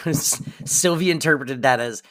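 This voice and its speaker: A man's voice: mid-range voice, slow, fairly bright tone. A man co-hosting a podcast, chatting casually, agreeing readily and laughing easily. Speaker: podcast co-host. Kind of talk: casual chat recapping a sitcom.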